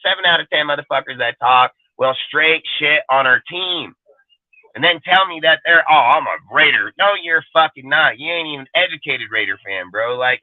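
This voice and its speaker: Cussing guy ranting on a stream, kinda high voice, dry phone-y sound. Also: no room sound, narrow, tinny audio. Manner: profane, blunt and emphatic. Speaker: fan show panelist. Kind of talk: heated live-stream rant.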